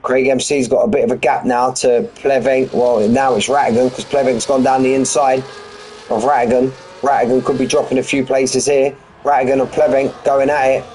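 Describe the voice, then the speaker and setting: A man's voice: medium pitch, level tone, fairly quick, a little mellow, a little hiss or hum, low-quality recording. A man giving live race commentary in a chatty, rambling, jokey way. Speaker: sim racing commentator.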